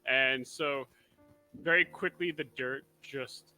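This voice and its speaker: A man at a tabletop game describing a scene in a halting way. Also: medium pitch, sharp tone, soft background music, rough recording. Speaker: player.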